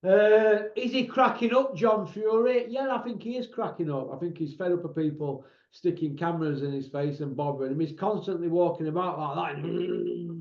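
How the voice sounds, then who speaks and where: A man's voice: high voice, fairly even intonation, normal speed, gravelly, few pauses, a little mellow. A man giving a casual, rambling monologue as a boxing pundit, opinionated and full of tag questions. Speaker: boxing pundit and channel host. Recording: roomy, dull lo-fi sound.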